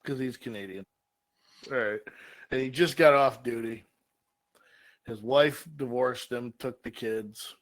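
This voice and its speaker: Man, co-host, swearing, comic storyteller, mid pitch. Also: unhurried, pauses often, low-quality recording. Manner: profane, energetic storyteller. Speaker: podcast co-host. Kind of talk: casual comedic storytelling.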